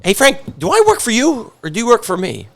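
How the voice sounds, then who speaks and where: A man putting on a stern old pizzeria boss, high and loud. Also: wildly swooping pitch, a little fast, vocal fry, heavily acted. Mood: pointed. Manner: commanding, questioning pointedly. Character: stern elderly male pizzeria owner.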